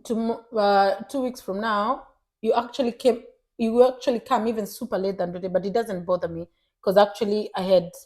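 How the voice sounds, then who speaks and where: A young woman co-hosting a casual chat podcast. She talks in an animated way, switching between English and Swahili. Her voice is mid-pitched and she acts out what others said to her. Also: normal speed. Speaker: podcast co-host.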